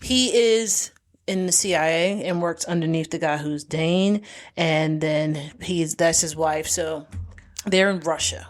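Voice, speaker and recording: Chatty low-voiced woman recapping a show. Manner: chatty, acts out characters' lines in quick voices. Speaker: podcast co-host. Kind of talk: casual chat recapping a TV show.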